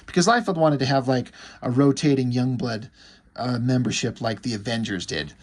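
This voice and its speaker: A man in a mid-pitched voice riffs through a comic book review in a loose, casual way. He is sarcastic and blunt, with plenty of swearing. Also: normal speed. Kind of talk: casual profane commentary.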